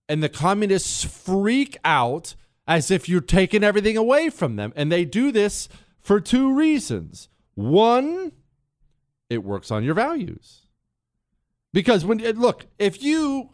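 A man delivers a political commentary monologue with a lively, rising and falling delivery. His slightly high voice is smooth and clear. The sound is dry and close. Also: dry recording. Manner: animated, swings pitch for emphasis, acts out little scenes.

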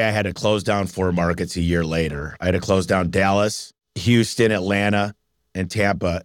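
A man with a lowish voice tells stories as a business owner being interviewed. He is energetic and animated, slipping into the voices of the people he quotes. The sound is close and dry. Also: smooth, no room sound. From Michigan. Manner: energetic, animated storyteller who acts out quotes. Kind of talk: casual storytelling interview.

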